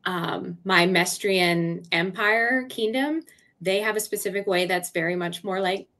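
A woman co-hosting an author podcast at an ordinary middle pitch. She tells her stories with animation and laughs often between them. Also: unhurried, a bit bright. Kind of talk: casual chat.

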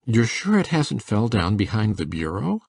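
A woman voicing a shy, gentle elderly farmer in an audiobook drama, with a low gravelly voice. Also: big pitch swings, moderate pace, no room sound, clean studio sound, heavily acted. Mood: worried.

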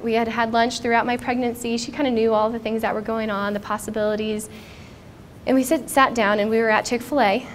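At a conference, a woman in her thirties delivers a reflective, heartfelt story from her own life. She speaks on the high side, and the audio carries a little hiss or hum.

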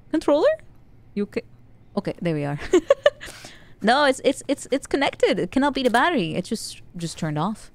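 A woman's voice: a little high, very animated, moderate pace, pauses often. A woman streaming a stealth video game, chatting playfully with frequent giggles and stammered restarts. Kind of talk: live game commentary.

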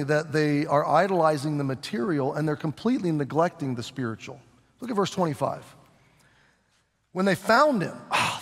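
A man teaching scripture verse by verse as a pastor, talking in an animated way and acting out the voices of the people and Jesus. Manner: animated, voices the crowd and Jesus with shifting pitch. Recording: long hall reverb.

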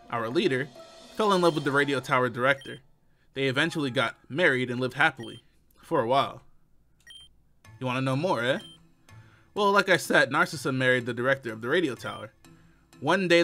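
A man reading the lines of a townsperson in a game, telling the town's dark history in a low, hushed, even voice. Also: close to an everyday voice.

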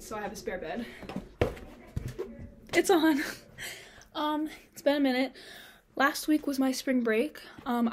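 Young female college vlogger, slightly high voice, out of breath, rambling casual chat in a dorm room. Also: darkish tone, a little hiss or hum. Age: young adult. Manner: rambling, lots of filler "like" and "um".

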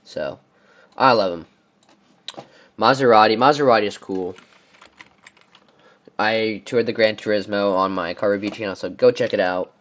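This is a car reviewer, a young man from the US, offering loose, wandering commentary on a car-brand tier list and frequently fumbling the names. He has a lowish voice that's slightly bright, and the audio is dull.

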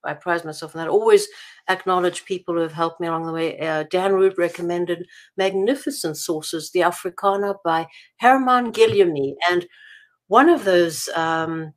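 Her voice on the low side and her speed normal, a woman from South Africa answers questions as an author over a casual call. She's chatty, restarting often and laughing through her anecdotes.

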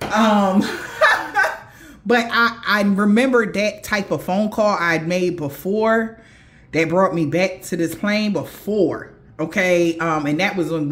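A woman's voice: lowish voice, a bit bright. A woman intuitive reader telling a dream story in a casual, profane way, with laughing asides. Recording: roomy echo.

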